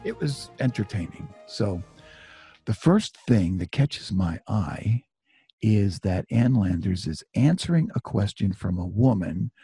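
A middle-aged man tells a personal story with a low, gravelly voice and a very husky, rough texture. The sound is dry and close. His manner is chatty and self-deprecating, with frequent asides. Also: mellow, no room sound. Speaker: author and storyteller.

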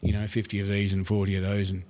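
A man's voice: on the low side, completely flat delivery, fast, dark tone. A man with an Australian accent telling a rambling story as a podcast guest, with lots of fillers. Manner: rambling yarn-teller, drawling with fillers. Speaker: guest, retired military officer. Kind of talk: casual storytelling.

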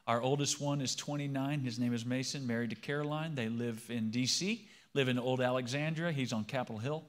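Pastor in his fifties, easygoing sermon delivery, mid-pitched, quizzes the congregation. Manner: conversational, polls the congregation with questions.

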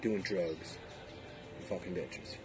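A man's voice: low voice, steady tone, slow, music in the background. A man in casual chat, emphatic and opinionated, swearing freely. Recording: background noise.

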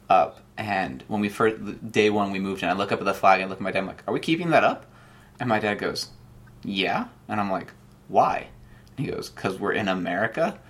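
A man's voice: low-pitched, a bit bright. A young man from Nigeria and Ohio, a guest telling his story in a casual interview and acting out quoted lines.

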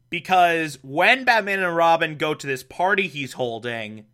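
A young man casually recapping an old show with sarcastic asides, laughing often and dropping into quick mock voices. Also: a little high, expressive, bright, forceful tone. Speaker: podcast host recapping a show.

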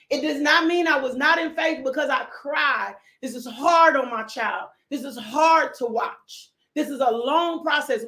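Woman preacher, high voice, passionate and emotional; shouts, repeats pleas; echoey church. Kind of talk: impassioned sermon. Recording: echoey room.

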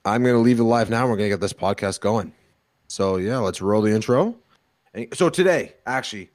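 A man's voice: fairly low pitch, darkish tone, no room sound. A young man hosting a casual podcast, upbeat and joking with his co-host, recorded on a studio mic. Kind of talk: casual chat.

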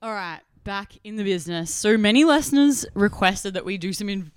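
A young Australian woman co-hosting a podcast, telling a story in a lively, laughing way and acting out quotes. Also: medium pitch, a little fast, smooth, no echo, faint music behind. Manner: animated, laughing, acts out quotes. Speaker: podcast co-host. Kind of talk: casual storytelling chat.

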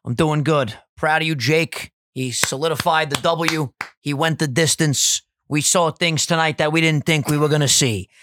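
A young man co-hosting a casual podcast, hoarse from screaming, loud and swearing as he jokes around in a basement. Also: a little high, noisy background. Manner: loud, swearing, jokey, quick. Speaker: podcast co-host. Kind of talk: casual profane podcast banter. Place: basement at a kitchen table.

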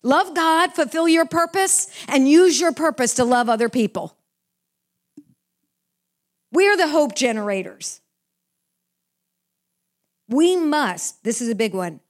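An older woman with a high voice gives an earnest, heartfelt sermon. She preaches with warm conviction about loving others. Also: lively intonation, takes it slowly, pauses often. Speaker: Christian speaker.

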